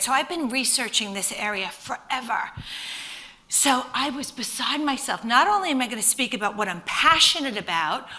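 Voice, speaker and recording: A middle-aged woman nutritionist giving an enthusiastic, chatty conference talk, self-deprecating and often checking in with "right?". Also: on the high side. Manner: chatty, animated storytelling with frequent rhetorical "right?".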